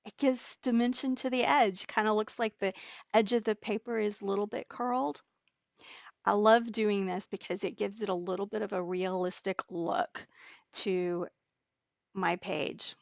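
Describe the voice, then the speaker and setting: A woman teaching a digital scrapbooking layout step by step, talking slowly and patiently with occasional fillers. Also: medium pitch, steady tone, creaky, no echo. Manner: slow, step-by-step explaining with fillers. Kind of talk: screen-recorded software tutorial.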